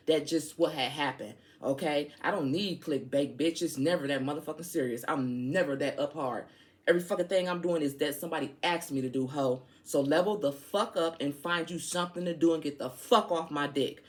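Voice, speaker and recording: This tarot reader has a low voice and talks at a normal speed. Her reading is casual and chatty, full of outspoken slang, and she addresses her listeners head-on.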